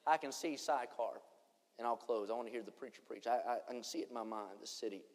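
A man preaching a revival sermon, swinging between shouted lines and hushed ones. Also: mid-range voice, fast. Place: church conference hall. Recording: long church hall reverb.

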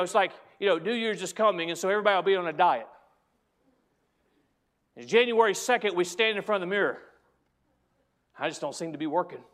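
A man's voice: very high voice, fairly bright tone. A man preaching a sermon as pastor, speaking to the congregation directly and driving home key phrases by repeating them.

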